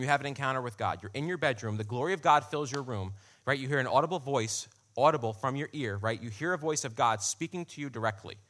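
A man's voice: mid-range voice, a bit bright. A male pastor preaching a sermon in a conversational way, talking straight to the congregation. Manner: conversational, addresses the congregation directly.

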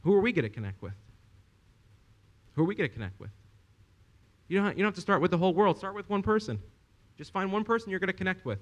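Animated young male preacher, fairly high voice. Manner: animated storytelling with rhetorical questions to the congregation. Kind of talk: sermon.

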